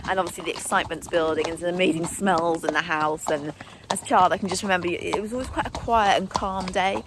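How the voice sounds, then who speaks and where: A young woman with a fairly low voice chats casually to camera about her day at the stables. She talks in a friendly, self-mocking way. The outdoor recording has clear noise behind her. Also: fast talker. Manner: chatty, warm-hearted, laughs at herself. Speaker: riding instructor and vlogger. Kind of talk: casual vlog chat to camera.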